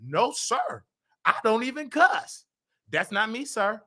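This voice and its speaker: Loud southern guy hosting a gossip show, brash trash talk, high bright voice. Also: takes it slowly. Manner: brash, animated, trash-talking. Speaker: show host.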